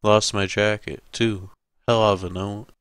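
A man's voice: on the low side, little pitch movement, unhurried, a bit bright, smooth, dry recording. A man voicing a rattled husband who is unnerved and jittery, read as part of an audiobook.

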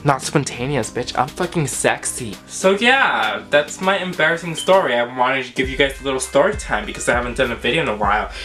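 A man's voice: mid-range voice, lively intonation, quick pace, hardly any pauses, bright, forceful tone, faint music behind. A young man telling a storytime vlog in a sassy, dramatic, profane way, full of fillers. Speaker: vlogger.

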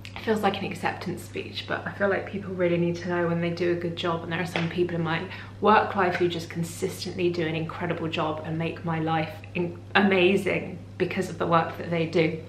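A woman's voice: fairly low pitch, flat delivery, brisk. A woman chatting casually for a lifestyle vlog, effusive and gushing about what she loves. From United Kingdom. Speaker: lifestyle vlogger. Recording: roomy with faint hum.

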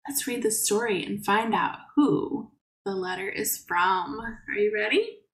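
A woman preschool teacher reading a picture book aloud to young children, gently explaining words and asking them questions. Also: a little high, sing-song, measured pace, vocal fry, reverberant, rough recording.

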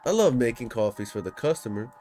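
A man's voice: medium pitch, very animated, fast talker, warm tone, soft background music. A man casually commenting while playing a game, joking and reading dialogue aloud in a playful, slangy way. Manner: playful, jokey, sing-song asides and slang. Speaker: gameplay streamer.

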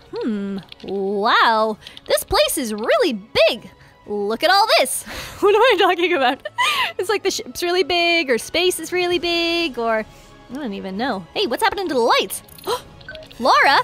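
A woman commentates her game with a high, very lively voice that leaps up and down constantly. She is bubbly and excitable, playing to viewers as the host of the channel. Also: a little slow, soft background music. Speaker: gaming video host.

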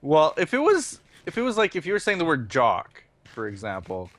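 A man's voice: a little high, huge pitch swings, brisk, a bit bright, no room sound. Joking man in casual gaming chat. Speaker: gamer friend.

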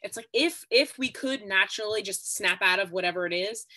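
A woman's voice: mid-range voice, a little fast, sharp tone. A woman speaking as a guest expert on a podcast, explaining steadily and often stressing her points with "really". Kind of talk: podcast interview.

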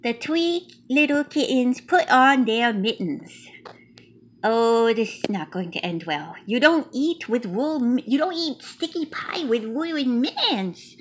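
A woman's voice: on the high side, lively intonation, takes it slowly, breathy edge, heavily acted. A woman voicing a cute, chatty little male mouse who reads a picture book aloud in a childlike, playful way with broken grammar. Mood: cheerful. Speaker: storybook reader.

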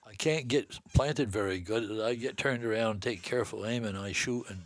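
Older man, low voice, dry close sound, folksy storyteller, chuckles as he talks. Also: moderate pace, no echo. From northeastern United States. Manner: folksy, laughs between lines, acts out quotes. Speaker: guest hunter. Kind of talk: storytelling in casual chat.

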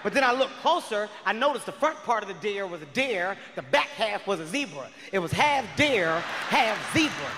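A man doing stand-up, telling a wild story in a loud, frantic, shouting delivery on a big stage. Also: high voice, very animated, normal speed, hardly any pauses, background noise. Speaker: stand-up comedian. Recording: live in a large hall with reverb.

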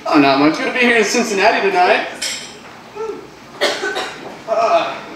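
A man's voice: high voice, expressive, a little slow, a loud crowd. A young man from southern Georgia doing a self-deprecating open mic stand-up set, flustered after losing his lines. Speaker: stand-up comedian. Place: comedy club stage. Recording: echoey club, far-off mic, noisy.

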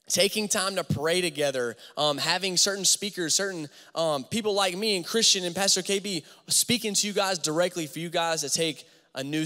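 A young man in his twenties, a youth pastor talking to teenagers at a church service in a lively, slangy way, telling a story. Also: fairly high pitch. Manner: animated, slangy, talks straight to the crowd. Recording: long hall reverb from a church auditorium.

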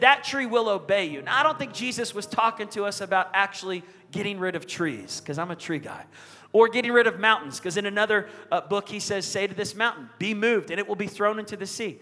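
A middle-aged man preaching from a church stage, his voice high and bright. He leans into emphatic call-and-response lines, and the long reverb of the sanctuary trails behind each phrase. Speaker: pastor. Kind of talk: sermon.

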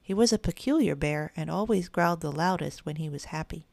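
A woman reads a children's audiobook aloud in a gentle storytelling manner. Her voice sits low with a gravelly fry. The recording is close and dry. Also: fairly quick, no echo. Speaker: audiobook narrator.

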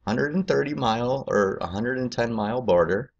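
A man's voice: mid-range voice, animated, normal speed, creaky, lo-fi sound. A man hosting a political video, ranting angrily and rambling with heavy profanity.

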